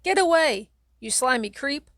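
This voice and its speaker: A woman doing a shouting young kid hero. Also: medium pitch, lively intonation, a little slow, dry recording, clean studio sound. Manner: urgent, bossy shouting.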